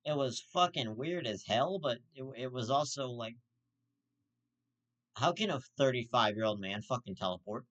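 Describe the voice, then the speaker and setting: Male vlog host with a mid-pitched voice, profane and indignant, pitch spiking when he gets worked up. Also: fairly bright tone. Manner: swears constantly, jumps in pitch when outraged.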